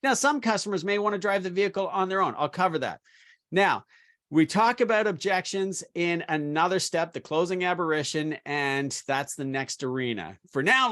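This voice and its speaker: A man's voice: high voice, a bit bright. A middle-aged man giving an instructional sales training talk, coaching with energy and emphasis.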